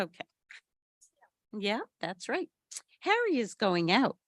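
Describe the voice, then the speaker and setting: A woman reading a picture book aloud at a family service and asking the children questions in an animated way. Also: mid-range voice, measured pace, no room sound, clean studio sound.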